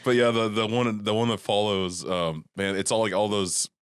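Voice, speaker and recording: A man's voice: on the low side, level tone, moderate pace, smooth, no room sound, studio quality. A man co-hosting a podcast in casual banter, enthusiastic, swearing freely and laughing a lot. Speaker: podcast co-host.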